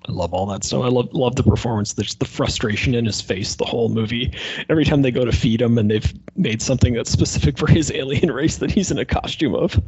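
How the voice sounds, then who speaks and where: A man's voice: mid-range voice, fast talker, a little mellow, slightly rough, no room sound. A man chatting casually about a movie, rambling and animatedly retelling scenes. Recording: dull lo-fi sound.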